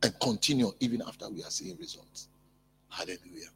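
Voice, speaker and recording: A male pastor preaching a sermon in an emphatic, repetitive way, building up to loud peaks. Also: on the low side, brisk, vocal fry, a little hiss or hum.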